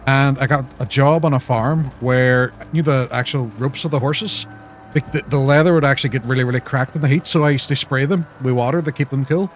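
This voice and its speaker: A man's voice: mid-range voice, steady tone, brisk, a little hiss or hum. A young man chatting casually on a co-op gaming stream, joking, swearing and telling rambling stories. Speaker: guest co-op player.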